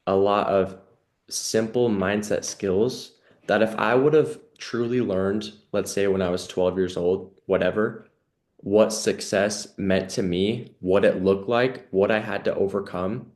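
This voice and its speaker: A man with a somewhat low voice hosts a casual podcast conversation. He talks in an earnest, reflective way and fills his sentences with "you know" and "like". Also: fairly even intonation, measured pace, a little mellow. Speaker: podcast host.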